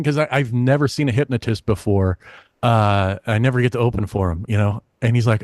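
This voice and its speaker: A middle-aged man, a stand-up comedian, telling a lively story in a casual interview, acting out the people in it. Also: fairly low pitch, moderate pace, dry recording. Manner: animated anecdote-teller, acts out quoted voices.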